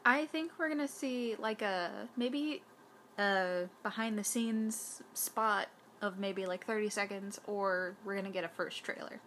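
Give me a playful, laid-back woman co-hosting a casual fan chat, mid-pitched. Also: unhurried, fairly bright tone, a little hiss or hum. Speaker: show co-host.

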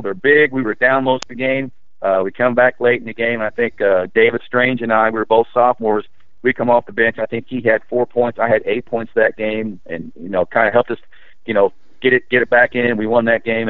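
A middle-aged man, a former high school basketball player, telling his memories in a rambling, animated way with many fillers. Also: no echo, narrow, tinny audio. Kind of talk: casual interview storytelling.

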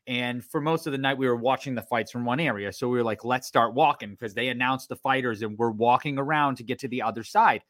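A man's voice: medium pitch, brisk, few pauses. A man telling a story in casual podcast talk, acting out what others said. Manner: animated, acts out what others said.

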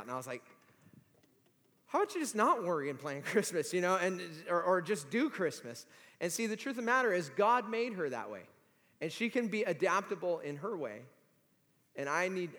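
A man in his forties preaches with a high, lively voice that rises toward shouts when he acts out the people in his stories. The sound carries a long reverb, as if from a large church sanctuary. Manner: animated storytelling, acts out quoted voices. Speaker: pastor. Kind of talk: sermon.

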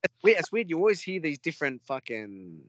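An Australian man, a podcast guest, telling a story in a rambling, animated way with lots of swearing. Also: fairly high pitch, a little fast, no echo, lo-fi sound. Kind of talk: casual storytelling.

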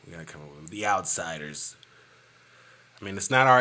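Animated, profane man ranting on a podcast. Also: low-pitched, brisk, long pauses. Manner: animated, profane, riffing and joking. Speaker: podcast host. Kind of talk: casual solo podcast rant.

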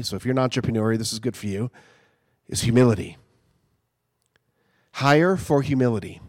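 Male pastor, slightly high voice, casual sermon delivery with emphatic swells. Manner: conversational, builds to emphatic peaks.

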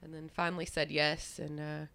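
A woman from Nashville with a light Southern accent and a lowish, gravelly voice. She tells her story as a podcast guest in a relaxed, playful way. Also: moderate pace. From Nashville, Tennessee. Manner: laughing, playful. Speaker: guest, business co-owner. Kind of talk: casual interview talk.

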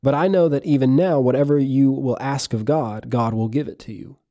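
A man delivering a sermon in an earnest, emphatic way, reading passages of scripture aloud between his own points. His voice is mellow and dark in tone, sitting at a middle pitch. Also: fairly even intonation, moderate pace. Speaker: preacher.

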